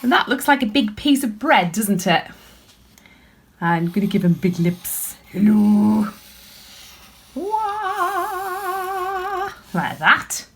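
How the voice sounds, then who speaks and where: A woman, an author and illustrator, chatting warmly and encouragingly to children as she draws along with them. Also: medium pitch, expressive, a little slow, slight background noise. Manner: chatty and encouraging, talking while drawing. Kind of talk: draw-along lesson for children.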